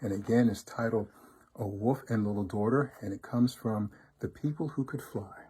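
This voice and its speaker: A man's voice: on the low side, normal speed, breathy edge. Man reading a folk tale aloud. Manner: expressive, rhythmic storytelling. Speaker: storybook reader, fraternity member.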